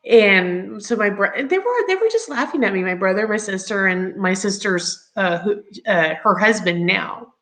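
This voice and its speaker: A grown woman telling her own story as an interview guest, chatty and halting with many ums and laughs along the way. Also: medium pitch, lively intonation, a bit bright, low-quality recording. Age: adult.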